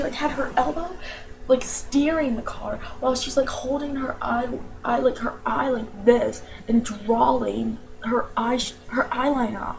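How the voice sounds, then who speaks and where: A young woman with a slight New York accent, ranting in a casual vlog, slangy and animated with lots of "like". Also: high-pitched, background noise. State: allergies, tired.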